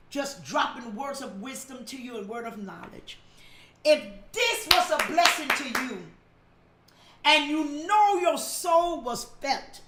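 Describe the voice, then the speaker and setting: Woman pastor, high voice, echoey room, repeats lines for emphasis and shouts the key points. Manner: preaching with emphatic repetition. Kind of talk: sermon.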